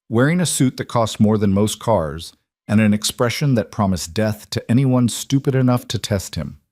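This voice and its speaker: A man reading a story as narrator, in a steady, measured way, close to the microphone. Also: on the low side, no room sound. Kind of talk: scripted audiobook narration.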